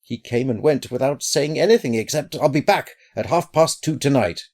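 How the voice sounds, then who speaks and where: A man's voice: mid-range voice, normal speed, a little mellow, voice pushed up, lightly acted. A man voicing a terrified, furtive man hiding from an enemy, whimpering and sly by turns. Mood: panicked. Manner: whimpering, then sly and cunning.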